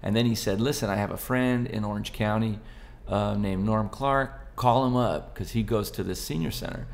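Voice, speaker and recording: A man's voice: fairly low pitch, moderate pace, creaky. A man in his forties from Southern California, a guest musician and comedian, chatting playfully and rambling through his stories. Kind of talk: casual interview chat.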